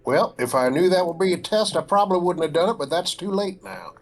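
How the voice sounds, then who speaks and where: A man's voice: sits high, lively intonation, brisk. A man playing a tabletop game, asking checking questions in casual chat. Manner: asks checking questions about rules. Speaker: player.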